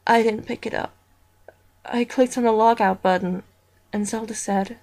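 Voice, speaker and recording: A woman reading a horror story aloud as narrator, in a slow, deliberate storytelling manner. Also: fairly high pitch, steady tone, vocal fry, a little mellow.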